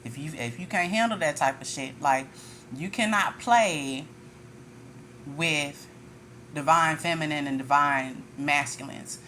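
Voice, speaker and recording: A woman's voice: low-pitched, measured pace, sharp tone, slight background noise. A woman tarot reader ranting in a casual monologue, blunt and profane, with frequent laughter.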